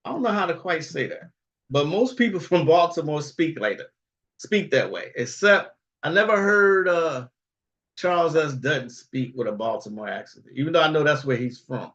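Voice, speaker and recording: A man's voice: on the high side, expressive, normal speed, fairly bright tone, lo-fi sound. A man hosting a livestream in casual, rambling talk, chuckling often and tagging lines with "okay?" and "all right?". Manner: rambling, frequent chuckles, tag questions. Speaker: livestream host.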